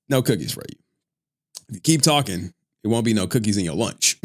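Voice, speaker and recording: A livestream host chats casually in a fairly low voice, talking briskly with lively intonation. He jokes around, swears a lot and laughs frequently.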